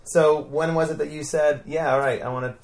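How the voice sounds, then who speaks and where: A man's voice: on the high side, fairly even intonation, a little fast. A man interviewing a guest in casual chat, encouraging him with frequent short affirmations and follow-up questions.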